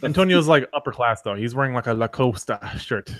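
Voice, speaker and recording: Man host, lively teasing banter, mid pitch, dry mic. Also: fast, dry recording. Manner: animated, teasing, pushy. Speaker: podcast host. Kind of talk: casual live-show banter.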